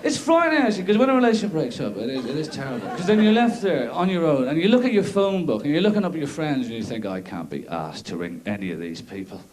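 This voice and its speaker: An Irish man in his thirties doing live stand-up comedy, sardonic and quick to slip into silly put-on voices. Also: high voice, very animated, crowd noise. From Ireland. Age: 30s. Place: theatre stage with an audience. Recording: live theatre recording with a laughing audience.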